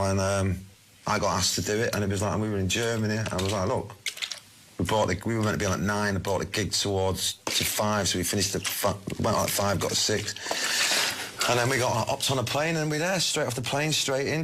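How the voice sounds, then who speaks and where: Fast-talking blunt Mancunian man. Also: lowish voice, fairly bright tone, a little hiss or hum. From Manchester, England. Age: 40s. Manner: blunt, swearing, laddish storytelling. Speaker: musician guest. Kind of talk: casual interview chat.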